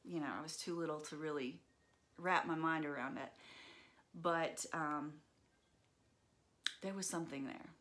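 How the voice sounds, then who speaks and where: Woman, low voice, personal storytelling, earnest, reflective, frequent fillers. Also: fairly even intonation, a little slow, pauses often, fairly bright tone.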